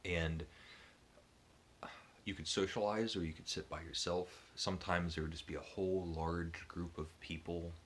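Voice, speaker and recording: A man's voice: low voice, steady tone, moderate pace, a bit bright, a little hiss or hum. A man telling a casual story as a book vlogger, hesitant, often stammering and restarting words. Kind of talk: casual reminiscence.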